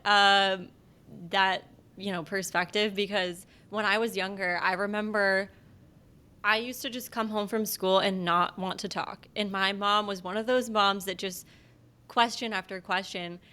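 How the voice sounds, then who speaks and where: A woman's voice: mid-range voice, fairly even intonation, measured pace, clean tone. Attentive woman podcast host. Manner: attentive listener, frequent soft affirmations. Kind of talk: casual podcast conversation.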